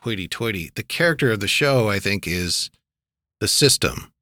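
This man hosts a casual talk show reviewing TV, rambling along with plenty of fillers and wry asides. His voice is lowish, expressive and sharp in tone, moving at a moderate pace with no echo.

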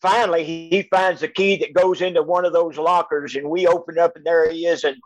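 Older man, high voice, dry close sound, halting storyteller. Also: fairly even intonation, no room sound, poor audio. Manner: halting, repeats words, chuckles as he tells. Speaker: retired coach and father. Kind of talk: storytelling on a casual podcast. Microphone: video call.

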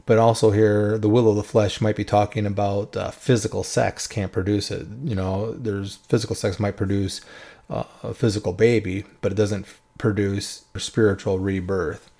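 Working through Bible passages step by step, a man speaks in a fairly low, level, mellow voice. His teaching stays conversational and informal, and he often tacks on a quick "right?" so listeners keep up.

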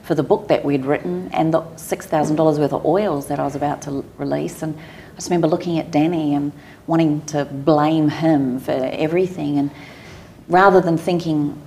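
A woman's voice: low-pitched, darkish tone, a little hiss or hum. A woman from New Zealand with a New Zealand accent, a podcast guest telling her story in a candid, emotional way. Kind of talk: personal storytelling in an interview.

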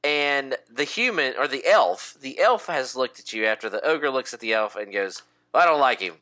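A man narrating a tabletop game as game master in a relaxed, laughing way. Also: mid-range voice, moderate pace.

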